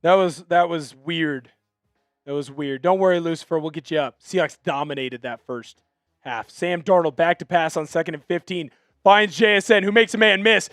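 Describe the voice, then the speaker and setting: A man hosting a fan live stream, calling plays in an excitable, chatty way and apologizing when he gets carried away. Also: high voice, normal speed, no room sound, studio quality, soft background music.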